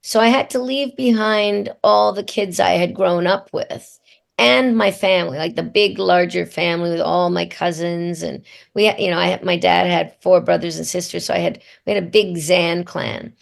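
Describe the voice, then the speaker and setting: A woman's voice: fairly low pitch, steady tone, normal speed, vocal fry. A middle-aged woman from Australia, answering interview questions in a reflective storytelling manner. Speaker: voice actor guest.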